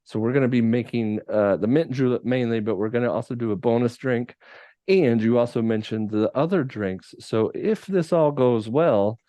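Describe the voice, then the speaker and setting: A man hosting a casual cocktail show, talking in an easygoing, halting way with many fillers. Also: mid-range voice, mellow, no room sound. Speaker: show host. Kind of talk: casual chat over video call.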